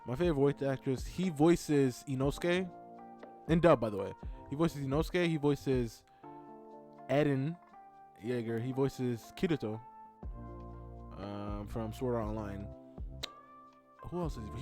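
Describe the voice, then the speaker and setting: A man chatting casually in a rambling, excitable way while narrating his drawing video. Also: medium pitch. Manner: rambling, excitable, with many fillers. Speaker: art content creator.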